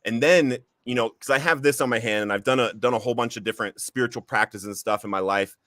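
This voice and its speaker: A man's voice: medium pitch, fast, fairly bright tone, no room sound, clean studio sound. A man hosting a recovery podcast, sharing a personal testimony in an earnest, heartfelt storytelling manner. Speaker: podcast host.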